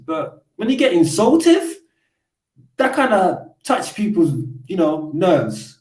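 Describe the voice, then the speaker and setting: High-voiced man lecturing in an echoey room. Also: big pitch swings, unhurried, a little mellow. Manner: lecturing, acts out quoted exchanges. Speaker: host. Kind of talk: casual live chat. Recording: roomy echo.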